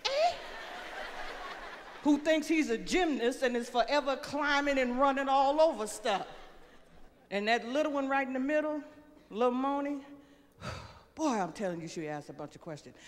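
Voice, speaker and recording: A woman's voice: high voice, normal speed. An older woman doing a brash, profane stand-up set on a large theater stage. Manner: brash, profane, animated storytelling. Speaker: stand-up comedian. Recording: long theater reverb, faint noise.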